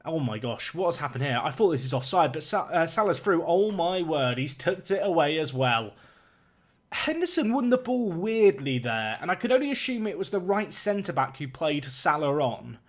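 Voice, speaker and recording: Man, young, game match commentary, excitable play-by-play, fairly high voice. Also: brisk, few pauses. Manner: excitable play-by-play, rising on chances.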